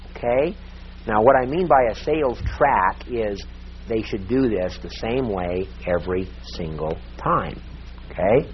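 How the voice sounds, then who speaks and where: Slow, animated male sales trainer. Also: medium pitch. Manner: lively, laughs often, slow and emphatic. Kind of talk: live seminar talk. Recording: dull lo-fi tape with faint hiss.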